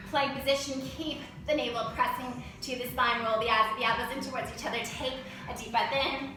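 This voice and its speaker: A woman's voice: a little high, bright, forceful tone, a little hiss or hum. A woman yoga teacher guiding a class through poses and breaths, cueing in an encouraging way, recorded indoors. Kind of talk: guided yoga class instruction. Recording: very echoey room, voice from a distance.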